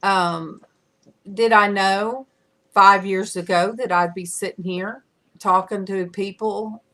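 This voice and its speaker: Middle-aged woman host, slow unhurried delivery, bright forward tone, rambling fillers, camera-mic chat. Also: medium pitch, steady tone. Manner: chatty, rambling with many fillers. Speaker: livestream host. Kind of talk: casual chat.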